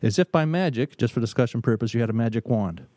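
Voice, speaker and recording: A middle-aged man, a business consultant, telling stories in an emphatic talk, pausing often and repeating words. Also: medium pitch, animated, warm tone, dry recording. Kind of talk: storytelling talk.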